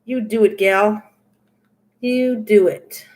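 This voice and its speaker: A woman's voice: medium pitch, steady tone, slow pace, darkish tone. An older woman hosting a crafting livestream, chatting casually and reading viewers' comments aloud as she answers them. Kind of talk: casual chat with live viewers.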